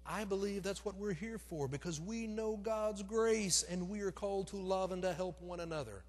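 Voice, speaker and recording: A middle-aged man preaching in a church, telling a personal story in an animated, self-deprecating way that acts out the scenes. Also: high-pitched, normal speed, faint music behind. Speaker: pastor. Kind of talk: storytelling sermon. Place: church sanctuary. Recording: long reverb of a church sanctuary.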